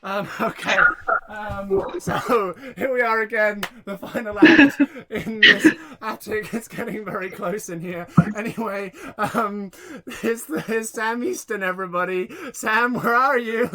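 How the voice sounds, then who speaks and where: A young host with a high voice runs a comedy showcase over a video call. He giggles often and stumbles over his words in a casual, flustered way. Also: unhurried, a crowd in the background. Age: young adult. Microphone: laptop or headset mic on a video call.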